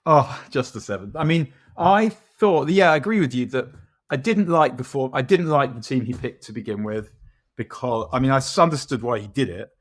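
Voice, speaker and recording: A man's voice: mid-range voice, expressive, moderate pace. A man co-hosting a football podcast, talking in a rambling, self-mocking way with many restarts. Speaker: podcast co-host. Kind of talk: casual football chat.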